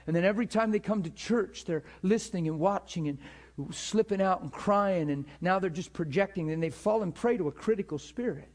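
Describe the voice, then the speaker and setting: Earnest guy preaching, voice on the high side, keeps repeating himself when fired up. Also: fairly quick, darkish tone. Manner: earnest, fervent, with frequent repetitions and restarts. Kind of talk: sermon-style teaching with personal testimony.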